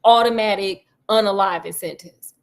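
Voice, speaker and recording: A woman's voice: medium pitch, normal speed, gravelly, lightly acted. A woman voicing a stern male lawyer who lays down terms curtly, in a casually retold story.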